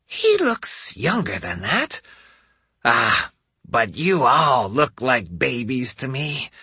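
A man voicing a vain, teasing old noblewoman with a raspy voice in an audiobook. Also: medium pitch, very animated, takes it slowly, bright, forceful tone, no echo, voice pushed up, heavily acted. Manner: sly, teasing, imperious. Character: old woman lady, sly, teasing, vain, drinks and smokes. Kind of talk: audiobook character voice.

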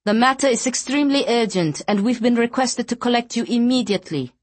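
A woman's voice: on the high side, brisk, no room sound, voice pushed up, lightly acted. A woman reading an audiobook voices a tall, formal and insistent blonde escort with a thick Norwegian accent, in a stiff commanding manner.

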